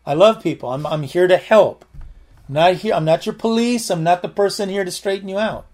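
A man delivering a sermon with a slightly higher-pitched voice. He talks earnestly and repeats himself as he explains the meanings of words step by step. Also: brisk, darkish tone. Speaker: preacher. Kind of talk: sermon Bible teaching.

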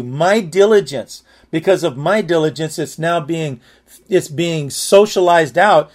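Man, slightly higher voice, candid and earnest, telling a personal testimony. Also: a little mellow.

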